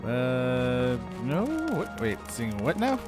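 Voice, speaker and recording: A man's voice: mid-range voice, sing-song. A man streaming a video game, chatting casually with a friend and viewers, with brash, crude jokes. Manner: brash, crude joking, quick. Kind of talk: casual gaming stream chat. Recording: game music behind voice. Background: game music.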